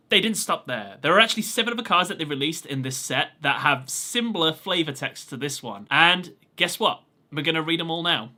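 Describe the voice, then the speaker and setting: Man, video host, casual commentary, bright tone, animated swinging pitch, keeps laughing. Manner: enthusiastic, laughs often.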